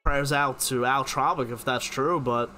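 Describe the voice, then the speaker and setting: A man's voice: medium pitch, steady tone, measured pace, sharp tone, soft background music. A young man, hosting a live stream and casually answering viewers' sports questions by name. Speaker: live stream host reading chat questions.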